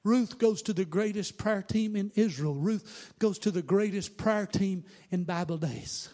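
A man preaching a sermon, moving from quiet, conversational asides to shouted, sing-song exhortation. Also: high voice, a little slow. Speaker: pastor.

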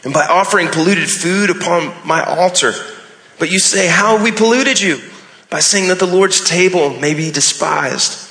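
A man's voice: fairly high pitch, moderate pace, sharp tone. A man preaching a sermon as a pastor, earnest, with emphatic rising phrases. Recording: echoey hall with long reverb.

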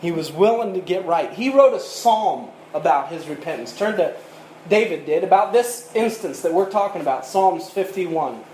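A man's voice: high voice, expressive, normal speed, a little mellow. A man preaching a sermon, reading old scripture aloud and retelling it as a plain story. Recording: echoey room with faint ambient noise.

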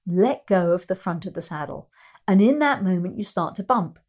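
A middle-aged woman and riding teacher giving an instructional talk, explaining ideas through anecdotes. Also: mid-range voice. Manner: explanatory, storytelling, acts out quoted voices.

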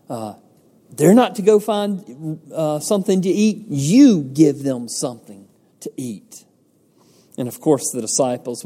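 A man delivers a sermon at an unhurried pace, his voice mellow and warm. He preaches earnestly, putting rhetorical questions to his listeners and answering them himself. His words ring with the long reverb of a large hall. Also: medium pitch. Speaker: pastor.

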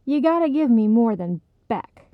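A woman's voice: fairly high pitch, expressive, measured pace, vocal fry, no echo, narrow, tinny audio, voice pushed up, heavily acted. A woman voicing a stubborn, defensive young woman who snaps and scoffs.

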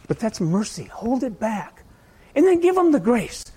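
A male pastor with a fairly high voice preaches a casual, rambling sermon. His pitch leaps up and down as he asks his listeners question after question, now loud, now soft. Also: very animated, brisk. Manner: conversational, asks the audience many questions.

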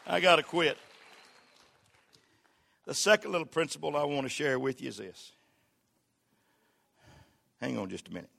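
An older pastor delivers a sermon with a gravelly, fry-edged voice. His tone is bright and forceful, and he is folksy and humorous. He swings between shouted exhortation and quiet, confiding storytelling. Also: a little high, sing-song, moderate pace, long pauses, a faint crowd.

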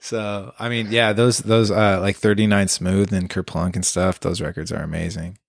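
A man's voice: lowish voice, moderate pace, gravelly, no echo, studio quality. A man telling a story in casual chat, swearing freely and acting out what people said. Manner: animated, swears freely, acts out quotes.

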